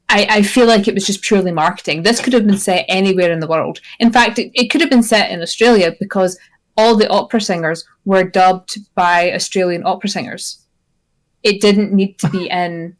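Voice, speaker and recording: A woman co-hosting a podcast, explaining points quickly with frequent restarts. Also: medium pitch. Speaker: podcast co-host. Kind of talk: casual chat, film review.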